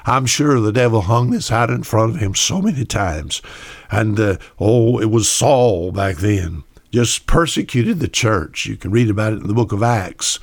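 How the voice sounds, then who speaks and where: A man with a low voice preaches a sermon in a folksy, storytelling way. He acts out the people in his Bible stories, slipping into their voices. The sound is close and dry, with no room echo. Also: expressive, normal speed, vocal fry.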